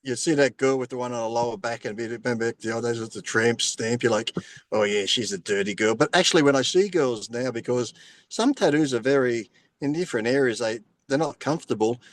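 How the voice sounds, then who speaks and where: A man's voice: medium pitch, a little fast. Crude joking Australian man. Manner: crude, joking, laughs often. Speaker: podcast guest, bodybuilder. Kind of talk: casual podcast chat.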